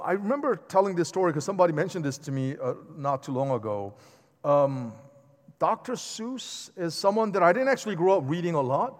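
A man preaching a sermon in a lively, conversational way, with asides to the congregation. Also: high-pitched. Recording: long hall reverb.

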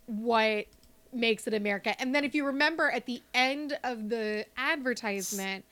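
Sarcastic animated young woman podcaster. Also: fairly high pitch, moderate pace. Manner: animated, sarcastic, swears freely, slips into mocking voices. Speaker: podcast co-host. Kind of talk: casual podcast banter.

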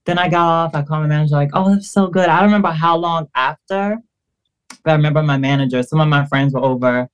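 A woman guest on a podcast, telling a personal story in a casual, animated way, acting out quoted dialogue and using lots of fillers. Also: sits low, quick pace, clear, resonant tone, dull audio.

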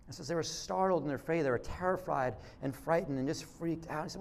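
Man, high voice, conversational sermon, frequent restarts, acts out quotes. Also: fast, vocal fry, few pauses. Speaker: pastor.

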